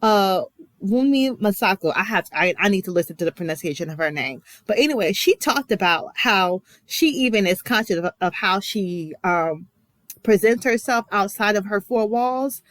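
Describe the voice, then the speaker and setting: A woman's voice: medium pitch, animated, moderate pace, fairly bright tone, no room sound. A young American woman giving a chatty, emphatic reaction commentary with many fillers and asides. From United States. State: emotional. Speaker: vlogger reacting to a TV episode.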